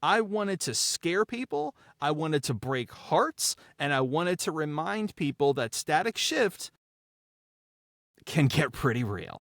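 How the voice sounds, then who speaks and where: A man, the writer and director, talking through his episode in a casual behind-the-scenes chat, emphatic and heartfelt, tripping over repeated words when excited. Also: a little high, slow pace, dry recording, clean studio sound.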